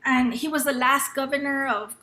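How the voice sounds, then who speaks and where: A high, bright woman's voice, middle-aged and from Los Angeles, recounts a personal story at an educators' event. She talks loosely, with fillers and restarts, and acts out a teacher's lines. The sound has a noticeable room echo. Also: fairly even intonation, normal speed. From Los Angeles, United States. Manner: conversational, with frequent fillers and restarts. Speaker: panel speaker at an educators' summer institute.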